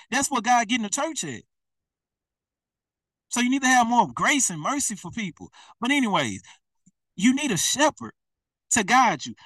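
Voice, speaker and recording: Young preacher guy, high bright voice, chatty and laughing, sounds a bit far off. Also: no room sound. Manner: lively, conversational, laughs often. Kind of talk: sermon.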